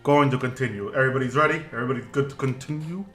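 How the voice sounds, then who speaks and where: A man narrating a tabletop game as game master, halting and full of restarts, recorded in an echoey room. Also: mid-range voice, fairly bright tone, soft background music.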